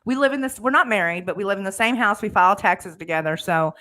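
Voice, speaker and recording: A woman's voice: medium pitch, fast talker, bright, forceful tone. A woman hosting a casual live talk, speaking frankly in plain, everyday grammar. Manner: plain-spoken, nonstandard grammar, frank about her past. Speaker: host of a recovery channel. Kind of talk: casual conversation on a live stream.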